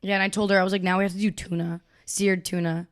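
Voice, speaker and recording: A woman's voice: mid-range voice, little pitch movement, fast talker. A young woman co-hosting a podcast, upbeat and chatty with casual slang. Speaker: podcast co-host. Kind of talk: casual chat.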